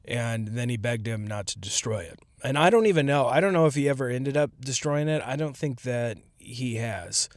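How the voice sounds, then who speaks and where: A man's voice: medium pitch, animated, moderate pace, few pauses, no echo. A man hosting a podcast, talking casually on his own in a rambling, jokey way that trails off and restarts. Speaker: podcast host. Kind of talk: casual solo commentary.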